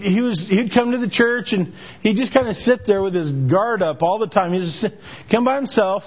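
A man preaching a sermon, telling a personal story in a conversational way, often restarting and repeating words. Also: sits high. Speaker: pastor. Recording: dull lo-fi recording.

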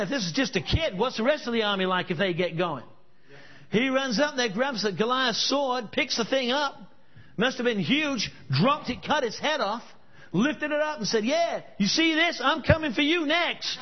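High-voiced male preacher, storytelling sermon style, muffled lo-fi sound. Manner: storytelling, emphatic rhetorical questions. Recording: dull lo-fi recording.

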